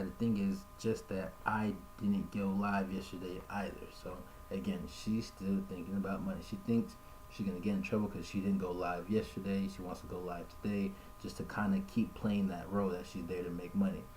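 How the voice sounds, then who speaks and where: A man streaming live commentary in a casual, conversational way, reading messages aloud and pitching his voice up for the quotes. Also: dark tone, a little hiss or hum, poor audio.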